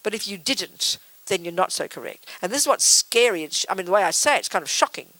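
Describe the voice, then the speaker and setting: A woman's voice: mid-range voice, expressive, quick pace, a bit bright, no room sound, low-quality recording. A woman Buddhist teacher giving a public talk before a live audience, blunt and emphatic with teasing asides.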